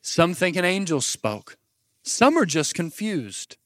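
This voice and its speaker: Guy preaching, high voice, gets the crowd to say words back, dry sound. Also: slow pace, no echo. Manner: animated preaching, asks the crowd to repeat words. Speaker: pastor. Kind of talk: sermon.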